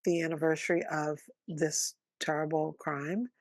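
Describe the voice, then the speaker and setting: Lively woman co-host, teasing and encouraging. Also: low voice, measured pace, no room sound, studio quality. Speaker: podcast co-host. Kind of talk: casual chat.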